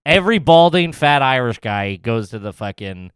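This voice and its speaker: A man's voice: mid-range voice, lively intonation, moderate pace, clean tone, no room sound, clean studio sound. A man in his thirties hosting a podcast, rambling through casual chat with lots of fillers and laughs. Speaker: podcast host.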